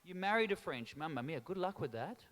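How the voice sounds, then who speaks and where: A man doing live stand-up crowd work in a large town hall, teasing the audience in an animated way. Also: on the high side, fairly quick. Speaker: stand-up comedian and MC. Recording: echoey hall reverb.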